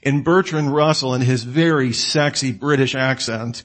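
A man giving a conversational lecture in an animated way, asking the listener questions and answering them himself. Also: medium pitch, moderate pace, hardly any pauses. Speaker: apologetics teacher.

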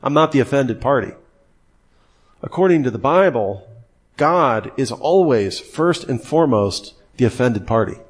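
A man's voice: mid-range voice, animated, measured pace, husky. A man giving a Christian apologetics lesson in a conversational way, with emphatic, incredulous asides. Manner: conversational, acts out quoted voices. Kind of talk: lively teaching talk.

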